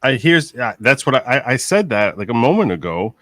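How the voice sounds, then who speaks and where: A man on a live legal commentary stream who talks excitedly, repeats himself and reads chat comments aloud. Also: mid-range voice, no room sound. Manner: excitable, repeats himself, quickly concedes points. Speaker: lawyer streamer reading chat.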